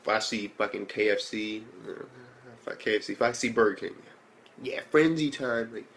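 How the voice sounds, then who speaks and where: A young man casually recapping and reviewing an anime episode, rambling and profane with many fillers, and excitable. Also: moderate pace, slight background noise. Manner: excitable, jumps into high reactions.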